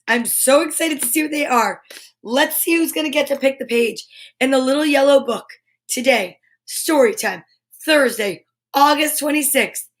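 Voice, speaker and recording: A woman hosting a live children's show, bubbly and excitable, with playful asides and quick drops to a whisper. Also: sits high. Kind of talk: live-streamed kids' show chat.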